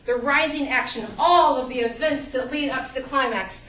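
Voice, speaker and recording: Female college lecturer, high and animated, acts out reader reactions, recorded from afar in a reverberant classroom. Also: normal speed. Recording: echoey classroom, mic far off.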